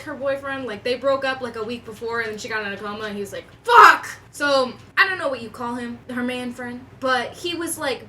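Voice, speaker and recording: A young woman vlogger telling a story in a casual, profane, animated way, with lots of slang. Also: high voice, recorded from a distance, poor audio. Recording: voice a bit off-mic with faint room noise.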